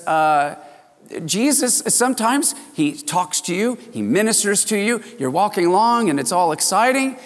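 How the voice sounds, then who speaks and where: A male pastor preaching a sermon, telling the story with animated exclamations and acting out the disciples' voices. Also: high-pitched, big-room sound.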